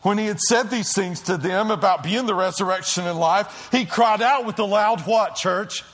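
A middle-aged male pastor preaching a sermon in a church, telling stories dramatically, dropping to a hush and then shouting as he acts out the quotes. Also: high-pitched, normal speed. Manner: dramatic storytelling, acting out quotes, swings from hushed to shouting. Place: church auditorium.

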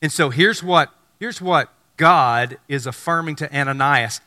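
Animated preacher man in a reverberant hall. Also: fairly high pitch, normal speed, few pauses. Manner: animated, acts out biblical dialogue in excited voices. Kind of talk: sermon.

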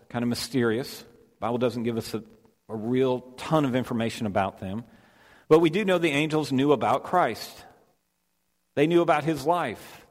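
A man preaching a sermon, retelling the scene earnestly and voicing the quoted lines. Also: mid-range voice. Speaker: pastor. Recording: long hall reverb.

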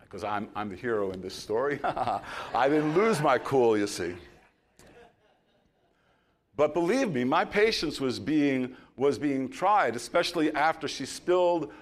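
A man's voice: medium pitch, expressive, normal speed. Storytelling man preaching a sermon. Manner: storytelling preacher, builds to loud emphasis then drops soft. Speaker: pastor.

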